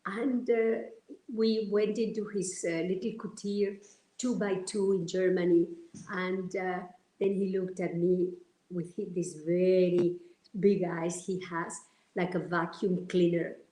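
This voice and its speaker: A woman from Argentina, sharing personal stories as a guest in a heartfelt, animated way. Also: on the low side, measured pace. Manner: heartfelt, animated, many restarts. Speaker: interview guest. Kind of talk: personal storytelling. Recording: roomy echo.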